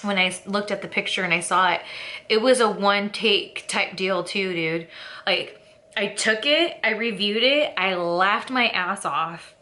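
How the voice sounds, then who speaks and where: Slow-talking bright-voiced woman vlogger. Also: medium pitch. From California. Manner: rambling, candid, laughs at herself, many fillers. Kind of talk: casual chat to camera.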